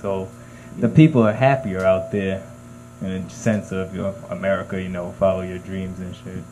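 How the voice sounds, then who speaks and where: A man in a casual chat with friends, relaxed and laughing often. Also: low-pitched, normal speed, slight background noise, rough recording. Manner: laid-back, laughs often. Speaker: podcast co-host.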